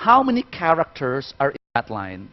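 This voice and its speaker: A man's voice: medium pitch, wildly swooping pitch, fairly quick. Playful man leading a storytelling workshop. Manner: playful, demonstrative, quizzes the audience. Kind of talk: interactive workshop lecture. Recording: muffled, dull recording.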